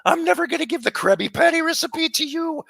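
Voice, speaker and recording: Man doing a greedy old cartoon crab captain, high shouting growl, gravelly, swooping voice. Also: animated, brisk, over a noisy crowd, exaggerated voice.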